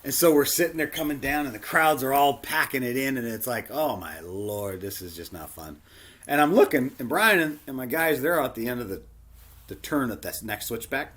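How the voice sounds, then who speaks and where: A man preaching a sermon, telling a personal story and acting out the dialogue in it. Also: fairly quick. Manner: animated, acts out dialogue with big pitch jumps. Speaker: pastor.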